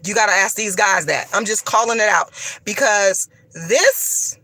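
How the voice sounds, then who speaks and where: A woman's voice: mid-range voice, unhurried, pushed and bright, dry recording. A woman as an interview guest, recounting her experiences bluntly and emphatically, repeating herself and swearing freely. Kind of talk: emphatic personal storytelling.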